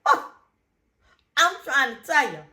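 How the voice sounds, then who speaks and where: Animated woman preaching. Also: high-pitched, reverberant. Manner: animated, emphatic, drawn-out repetitions. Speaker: show host. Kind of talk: casual faith talk reading Bible verses.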